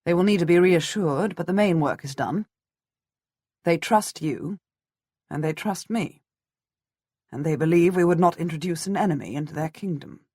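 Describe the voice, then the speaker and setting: A woman reading an audiobook, voicing a blunt, matter-of-fact middle-aged nobleman, the heroine's husband, with a husky voice. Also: lowish voice, normal speed, long pauses, warm tone, no echo, studio quality. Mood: steady.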